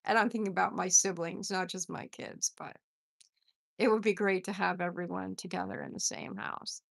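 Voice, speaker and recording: A woman's voice: on the low side, moderate pace, creaky, fairly bright tone. A middle-aged woman hosting a poetry livestream, reading poems aloud and chatting with viewers, greeting them by name and laughing at herself.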